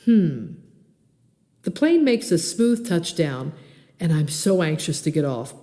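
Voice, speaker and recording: A woman hosting a podcast, reading her own travel memoir aloud in an animated, expressive way. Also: sits low, measured pace, long reverb tail. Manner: animated, acts out dialogue and song lines.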